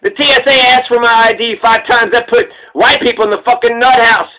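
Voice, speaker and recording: A man's voice: very high-pitched, steady tone, fairly quick. A man rambling in a casual, profane and joking way while he comments on a comedian. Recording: tinny phone-like sound.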